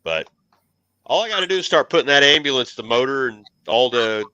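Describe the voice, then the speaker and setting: A man's voice: mid-range voice, expressive, fairly quick, sharp tone, no echo, highs cut off. A man chatting casually as a car-hobby show host, telling self-mocking garage stories and swearing lightly. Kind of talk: casual chat.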